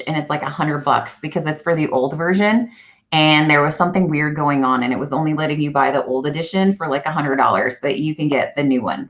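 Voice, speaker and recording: A woman chatting casually on a live stream, animated and self-correcting as she talks. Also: low-pitched. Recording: dull lo-fi live-stream audio.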